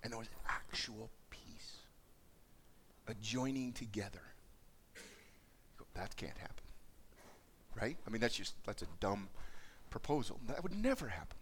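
Earnest pastor preaching, halting and repetitive. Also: male voice, medium pitch, bright, forceful tone, slight background noise. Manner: earnest, halting, many restarts and repeated words. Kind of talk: sermon with spoken prayer.

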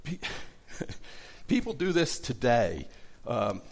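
Gravelly middle-aged man teaching Bible study. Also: mid-range voice, huge pitch swings, slow. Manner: conversational, many fillers and restarts. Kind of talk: casual Bible study lesson.

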